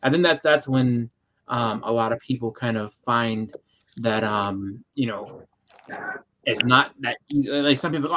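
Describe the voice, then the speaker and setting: Man, host, casual chat, rambling storyteller, medium pitch. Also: moderate pace, a bit bright. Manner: rambling, many restarts and fillers; acts out quoted voices when telling stories.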